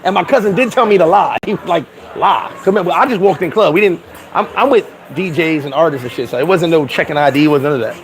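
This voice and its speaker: A man's voice: fairly high pitch, low-quality recording. A man, hosting and telling profane, laughing stories in casual chat. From New York. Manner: animated, profane, laughing storyteller. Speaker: host. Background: crowd chatter.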